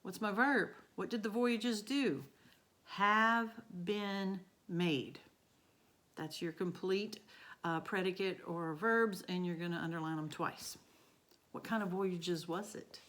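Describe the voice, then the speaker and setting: Slow, patient woman teacher. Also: lowish voice. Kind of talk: recorded remote grammar lesson.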